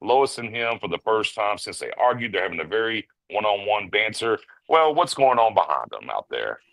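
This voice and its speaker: Podcast co-host, man with a low voice, lively storyteller who slips into quick impressions, dry sound. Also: creaky, dry recording, low-quality recording. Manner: animated storyteller, mimics characters in quick bursts. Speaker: podcast co-host reviewing a film. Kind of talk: casual chat.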